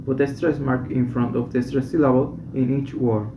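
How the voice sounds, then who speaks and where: Man slowly reading a medical textbook. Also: mid-range voice, steady tone, noisy background. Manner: slow, deliberate reading with self-corrections. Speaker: teacher reading a textbook aloud. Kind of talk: reading textbook passages and exercises. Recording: dull echoey room recording.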